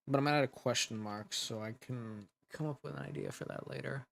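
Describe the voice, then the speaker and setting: A man of middle pitch chats loosely on a livestream, laughing often and poking fun at himself. He reads viewers' messages aloud and answers them as he goes, rambling in an easy, offhand way. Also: brisk, vocal fry, few pauses, a bit bright. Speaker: ASMR creator hosting a livestream. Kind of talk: casual livestream chat.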